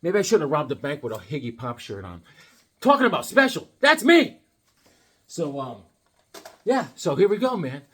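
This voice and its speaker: Male comic vlogger, high and lively voice, joking and rambling. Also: normal speed, pauses often. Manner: joking, rambling, animated riffing. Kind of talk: comedic casual monologue.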